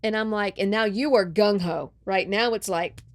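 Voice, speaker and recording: Telling a story in a casual, animated way, this podcast host keeps dropping "right?" and "like" into her speech. She has a mid-range voice and speaks at a moderate pace.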